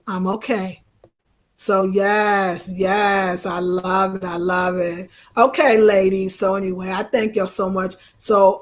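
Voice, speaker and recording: With a medium-pitched voice and a New York accent, this woman travel vlogger talks casually on a live stream. She reads viewers' comments in an animated, expressive manner.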